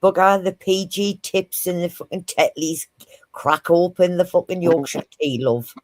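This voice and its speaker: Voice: medium pitch, fairly even intonation, unhurried, dry recording. A panel guest on a live stream who teases the host and swears casually while chatting. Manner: blunt, swears casually, teasing. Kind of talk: casual chat.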